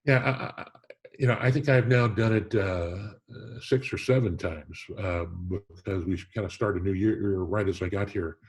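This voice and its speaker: A man's voice: low-pitched, normal speed, breathy edge. A middle-aged man, a hall of fame president, tells stories earnestly in an interview, often restarting his sentences. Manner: earnest, warm storytelling with frequent restarts. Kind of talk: storytelling in a conversational interview.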